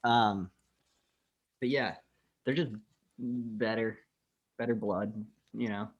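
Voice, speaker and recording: A man's voice: lowish voice, slow, dull audio. A man co-hosting a podcast, casually retelling movie scenes with lots of swearing. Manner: profane, animated scene retelling. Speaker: podcast co-host. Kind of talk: casual film discussion.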